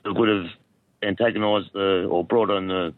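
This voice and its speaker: Australian male caller, 50s, croaky from a cold, halting, dry tinny phone sound. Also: low voice, steady tone, no room sound. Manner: rambling, halting with many restarts. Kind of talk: radio call-in chat.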